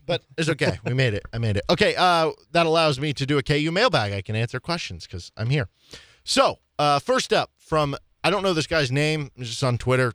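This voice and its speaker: A man's voice: a little high, lively intonation, brisk, fairly bright tone, dry recording, studio quality. A young man hosting a sports talk radio show, telling stories in a chatty, self-deprecating way with frequent laughs. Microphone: studio microphone.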